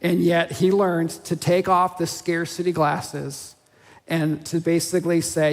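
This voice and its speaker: A male pastor giving a sermon in a conversational, animated way, acting out the voices he quotes. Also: fairly high pitch, a little slow, long reverb tail. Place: church auditorium.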